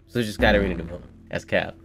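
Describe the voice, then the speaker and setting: A young man hosting a casual manga reaction, excitable, slangy and profane as he riffs to his viewers. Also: low-pitched, rapid-fire, soft background music. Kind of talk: casual live reaction commentary.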